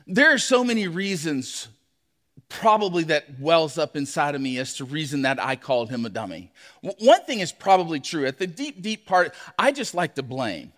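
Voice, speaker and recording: Male pastor, high voice, animated storyteller; sermon in a reverberant hall. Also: normal speed. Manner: animated storytelling, acts out his own shouts.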